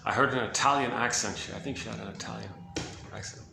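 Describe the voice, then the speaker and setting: A man's voice: medium pitch, fast talker, vocal fry, bright, forceful tone, soft background music. A man giving a rambling spoken monologue, full of restarts and asides, while moving around inside a building. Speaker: self-help commentator. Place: indoor building with hallway and rooms. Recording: echoey indoor space.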